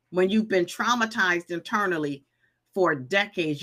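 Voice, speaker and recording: Woman, fifties, live-stream host, emphatic, preachy, bright forceful tone. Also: on the low side, animated, slow pace. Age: 50s. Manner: emphatic, preachy, repetitive, reads chat comments aloud. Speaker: live show host giving healing advice. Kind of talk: live-stream talk to viewers.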